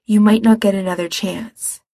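A woman's voice: mid-range voice, fairly even intonation, normal speed, mellow, dry recording, clean studio sound, close to an everyday voice. A woman voicing an uneasy young man who speaks hesitantly and cautiously in a read-aloud story.

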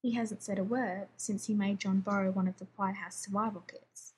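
A woman reading a story aloud as scripted narration, in a steady, even storytelling manner. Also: medium pitch, a little fast, few pauses, slight background noise. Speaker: story reader.

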